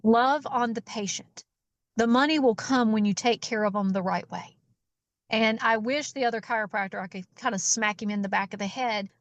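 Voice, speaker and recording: A woman chiropractor guest telling a patient story in an interview, acting out the dialogue with lively energy. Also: fairly high pitch, normal speed, dry recording. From Georgia, US. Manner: animated storyteller who acts out quoted dialogue.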